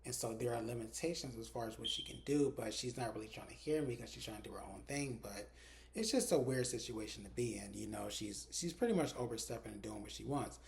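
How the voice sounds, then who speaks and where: A man's voice: medium pitch, fast, gravelly, a little mellow. A man in a casual recap vlog who retells scenes with lots of "like" and swears freely. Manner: chatty, retells dialogue with lots of "like". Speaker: TV episode reviewer.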